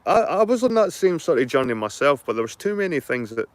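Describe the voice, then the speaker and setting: A man's voice: on the high side, big pitch swings, fast, no room sound. Middle-aged Scottish man, casual rambling host, swears, dry close sound. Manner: rambling, repeats himself, swears freely. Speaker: channel host. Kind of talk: casual chat to viewers.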